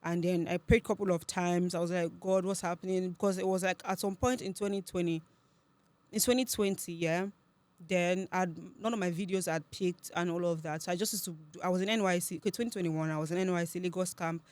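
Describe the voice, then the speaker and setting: A young woman with a Nigerian accent, a podcast guest telling her story in a lively, chatty way. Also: on the low side, no room sound. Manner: chatty, animated storytelling with quick laughs. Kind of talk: casual interview chat.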